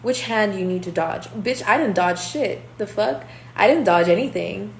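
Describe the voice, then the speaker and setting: A woman's voice: mid-range voice, moderate pace, creaky. Brash, profane woman tarot reader. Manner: profane and confrontational, rambling. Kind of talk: casual tarot reading rant. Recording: echoey room with faint hum.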